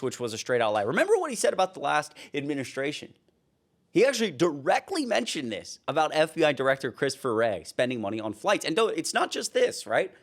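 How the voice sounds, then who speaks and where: A young man giving heated, casual political commentary, worked up and ranting. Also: on the high side.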